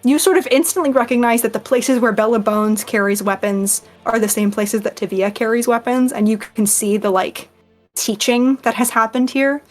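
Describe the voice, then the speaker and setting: A woman's voice: fairly high pitch, steady tone, normal speed. A woman running a tabletop game, narrating loosely with many fillers. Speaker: game master.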